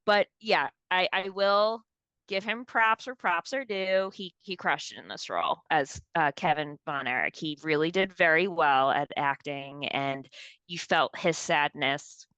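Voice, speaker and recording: A woman's voice: deep voice, measured pace, clear, resonant tone, dry recording. A woman co-hosting a pop culture podcast, chatting casually and acting out the people she quotes. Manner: animated, acts out quoted voices. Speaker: podcast co-host.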